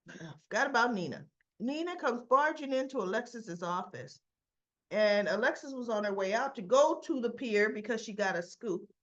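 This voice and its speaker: A woman's voice: on the high side, expressive, normal speed, fairly bright tone, dull audio. A woman casually recapping and commenting on soap opera episodes, retelling scenes with quoted lines.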